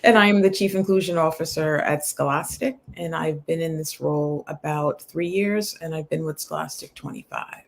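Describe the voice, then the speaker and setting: Gravelly low-voiced woman panelist. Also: normal speed, hardly any pauses. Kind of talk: brief self-introduction. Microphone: video call.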